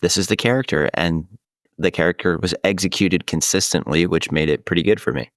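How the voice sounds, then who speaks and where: A man with a low voice answers calmly as a podcast host, measured and steady. The sound is dry and close. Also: dry recording. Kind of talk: casual chat.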